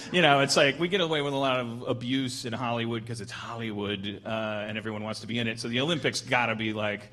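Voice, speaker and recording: Man in his forties, podcast host, rambling comedic riffs, bright forceful voice. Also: medium pitch, steady tone. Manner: rambling, halting riffs full of restarts. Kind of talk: casual comedic chat.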